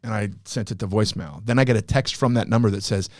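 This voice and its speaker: A man's voice: fairly low pitch, fast talker, slight background noise. A man, a stand-up comedian, telling stories in casual chat and acting out the lines he quotes. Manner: animated, acts out quoted lines. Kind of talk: casual storytelling.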